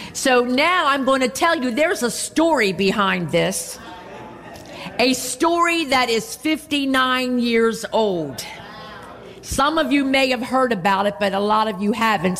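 A woman delivers a sermon from the pulpit, her voice sitting a little high. She preaches expressively and peppers her points with amens. Long reverb from the church sanctuary trails behind her words. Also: fairly bright tone. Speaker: pastor.

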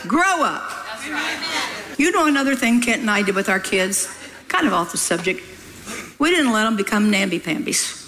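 A woman's voice: mid-range voice, lively intonation, fairly quick, crowd noise. An older woman preaching, telling a story in a folksy, scolding way with laughing asides. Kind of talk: sermon storytelling.

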